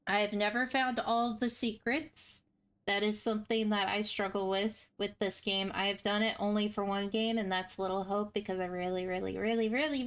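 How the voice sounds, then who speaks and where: A woman's voice: medium pitch, clean tone. A woman hosting a game walkthrough, chatting casually in a rambling, self-deprecating way. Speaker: gaming walkthrough host.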